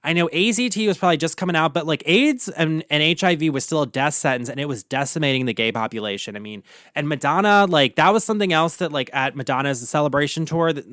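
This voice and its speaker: A man's voice: on the high side, fairly bright tone, dry recording, studio quality. A man with a Baltimore accent, a drag queen host ranting casually, campy and profane with lots of filler words. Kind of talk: casual solo rant.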